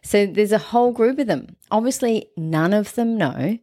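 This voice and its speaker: A woman co-hosting a casual recap podcast, animated and acting out quotes in a put-on voice. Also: mid-range voice, moderate pace, no echo, clean studio sound. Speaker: podcast co-host.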